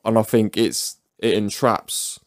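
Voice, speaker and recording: A man's voice: fairly low pitch, steady tone, slow pace, dry recording, studio quality. A man appearing as a podcast guest, blunt and matey with plenty of swearing. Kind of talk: drunk casual banter.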